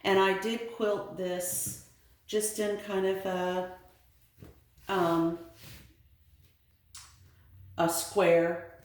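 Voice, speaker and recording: A woman's voice: on the low side, little pitch movement, very slow, pauses often. A middle-aged woman from the American South with a Southern accent, casually showing her sewing projects and rambling with many ums and restarts. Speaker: sewing vlogger. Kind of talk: casual show-and-tell vlog. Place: home sewing room. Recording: very echoey room.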